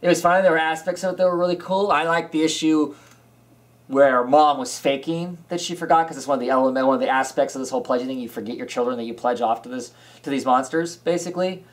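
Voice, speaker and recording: Male co-host, mid-pitch, unscripted and rambling, often trails off and restarts. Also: quick pace. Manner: rambling, hesitant, with frequent restarts. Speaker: podcast co-host. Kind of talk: casual chat. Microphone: camera mic.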